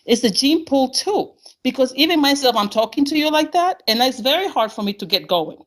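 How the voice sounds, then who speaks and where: A woman's voice: high-pitched, lively intonation, brisk. A woman guest in an interview, speaking emphatically and rambling as she searches for words. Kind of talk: conversational interview.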